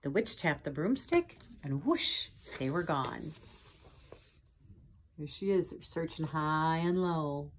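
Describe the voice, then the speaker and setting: A woman reading a picture book aloud to children, pausing to point at pictures and ask them questions in a gentle way. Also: deep voice, lively intonation, slight background noise. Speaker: storytime reader. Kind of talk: children's storytime read-aloud.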